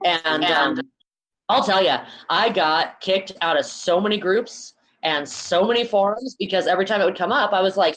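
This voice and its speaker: A woman's voice: mid-range voice, normal speed, fairly bright tone, poor audio. A woman who works as a piercer, chatting candidly on a podcast, fired up and swearing casually.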